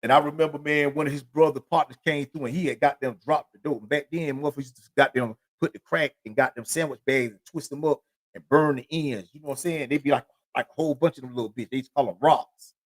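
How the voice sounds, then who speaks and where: A man's voice: a little high, quick pace. A middle-aged man telling his life story on his own podcast, rambling and profane, full of filler phrases. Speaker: podcast host. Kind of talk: solo storytelling monologue.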